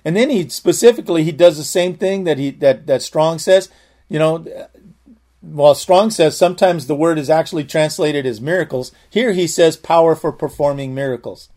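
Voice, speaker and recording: A man's voice: fairly high pitch, moderate pace, a little mellow. Earnest man preaching a testimony. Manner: earnest storytelling, frequent restarts. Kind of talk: sermon with personal testimony.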